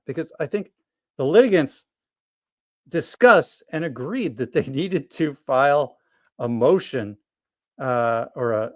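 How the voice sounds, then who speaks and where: A man's voice: medium pitch, no room sound, studio quality. A man co-hosting a casual commentary, reading court documents aloud with wry interjections. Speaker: co-host.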